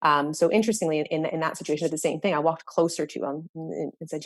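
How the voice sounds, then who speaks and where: Woman, educator, low voice, dry close sound, earnest storytelling, restarts often. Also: fairly even intonation, fast, hardly any pauses, no room sound. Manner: earnest, with frequent restarts and repeated words. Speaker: educator and podcast guest. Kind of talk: reflective storytelling in conversation.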